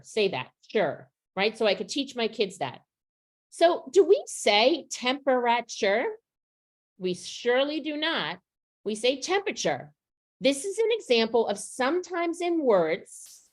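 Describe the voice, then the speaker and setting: A woman training teachers over a video call, explaining step by step and asking the group questions. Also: on the high side. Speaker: literacy trainer.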